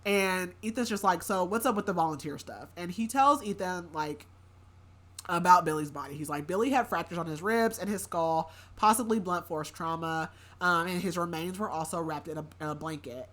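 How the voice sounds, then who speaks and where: A woman's voice: on the low side, fairly bright tone. A woman hosting a book podcast, casually recapping a story in a rambling way with many filler words.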